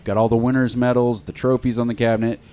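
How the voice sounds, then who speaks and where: A middle-aged man at a mid pitch hosts a relaxed podcast conversation. He jokes freely and breaks into laughter easily. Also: fast, clear, resonant tone. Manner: jokey, laughs often. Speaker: podcast host. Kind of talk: casual chat.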